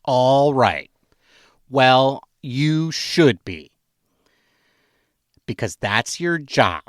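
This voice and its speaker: A man's voice: medium pitch, big pitch swings, very slow, no room sound, studio quality. A middle-aged man co-hosting a casual sports podcast, wry and playfully skeptical. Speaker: podcast co-host.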